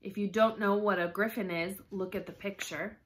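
A woman reading a children's storybook aloud, slowly and carefully, with lively expression. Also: mid-range voice.

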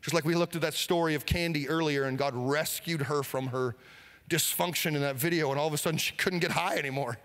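A male pastor preaching an energetic sermon, leading the congregation in call-and-response. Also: on the high side, in a large hall. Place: church sanctuary.

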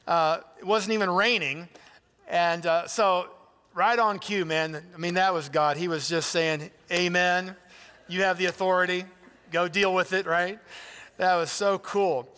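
A man's voice: high voice, steady tone, unhurried, bright, forceful tone, clear, resonant tone, in a large hall. A man pastor preaching a sermon in a church, in a conversational, emphatic way with direct appeals to listeners. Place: church sanctuary.

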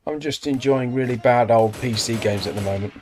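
A man's voice: mid-range voice, fairly quick, darkish tone, slight background noise. An English man hosting a let's play, chatting casually over gameplay with self-deprecating asides.

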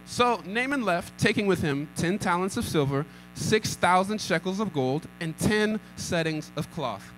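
A man's voice: high voice, lively intonation, normal speed, hardly any pauses, a bit bright, soft background music, poor audio. A young man preaching a sermon, repeating lines and calling for responses. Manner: acts out scripture with rising intensity. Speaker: pastor.

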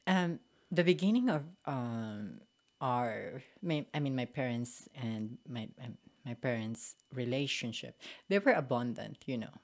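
A woman's voice: a bass voice, animated, a little slow. A young woman from the Philippines with a Filipino accent, speaking candidly as a podcast guest and often saying "like, you know". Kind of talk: casual interview conversation.

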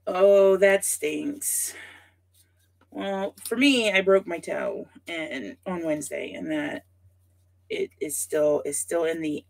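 A low, slow, gravelly and slightly mellow voice belongs to a woman hosting a laid-back scrapbooking stream. She chats with viewers by name while crafting, thinking out loud and tossing in frequent asides.

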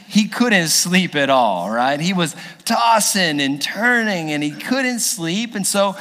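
Animated, high-voiced male pastor preaching. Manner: storytelling, humorous, animated. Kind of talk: sermon. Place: church. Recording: echoey church hall.

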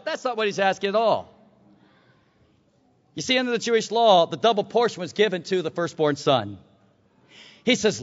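A man preaching a sermon, telling the story dramatically and swinging from shouts to hushed tones. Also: high-pitched, expressive, a little fast, long pauses. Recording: dull lo-fi recording.

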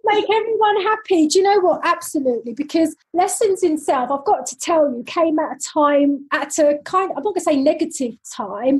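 High-voiced, chatty London woman. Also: darkish tone, rough recording. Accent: London English. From London, England. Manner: chatty and upbeat, laughs easily. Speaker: guest, teacher educator. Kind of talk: casual interview chat.

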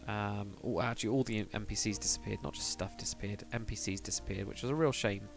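Low gravelly streamer, rambling. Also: male voice, steady tone, fast talker, over music. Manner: rambling, thinks aloud, mutters to himself; reads out and answers viewer chat. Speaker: live streamer. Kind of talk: casual live stream chat while building in a game.

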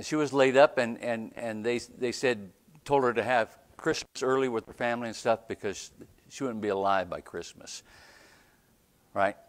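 Pastor guy preaching, voice swings up and down a lot, keeps going "right?" and chuckling. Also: mid-range voice. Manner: animated, keeps asking "right?", laughs between lines. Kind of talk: storytelling sermon. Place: church.

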